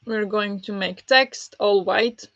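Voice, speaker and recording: A woman's voice: medium pitch, slow pace, a bit bright, dry recording. A woman hosting a live book discussion stream, chatting casually and greeting viewers by name with lots of ums. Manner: chatty and friendly, many ums, answers chat by name. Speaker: livestream host of a book readalong. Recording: dull lo-fi mic, dry.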